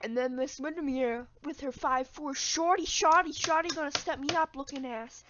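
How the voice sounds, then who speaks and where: A woman's voice: high-pitched, normal speed, dull audio, background noise. A woman telling a story in a rambling, casual way, with crude jokes. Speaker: vlogger. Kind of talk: storytime vlog.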